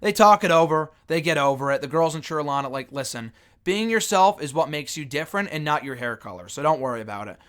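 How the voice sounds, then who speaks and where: A young man runs through a wrestling reality show episode in a loose solo review, swearing freely and dropping sarcastic asides. His voice sits a little high and comes across bright and forceful. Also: animated, quick pace, clear, resonant tone. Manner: blunt, profane, sarcastic. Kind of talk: casual solo review monologue.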